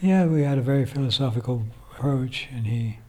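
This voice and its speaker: A man's voice: mid-range voice, a little fast, warm tone. An older man, a songwriter, reflecting at length in a casual interview, rambling with fillers. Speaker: songwriter guest.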